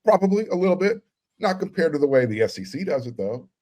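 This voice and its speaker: A man's voice: on the high side, very animated, quick pace, a little mellow. A man co-hosting a sports talk podcast, giving wry, sardonic commentary. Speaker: podcast co-host.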